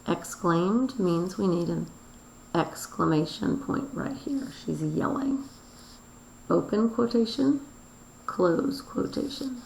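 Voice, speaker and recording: A woman teacher going over a daily review, explaining slowly and spelling out words letter by letter. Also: lowish voice, gravelly, a little mellow, slight background noise. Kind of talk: recorded classroom review lesson. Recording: roomy echo.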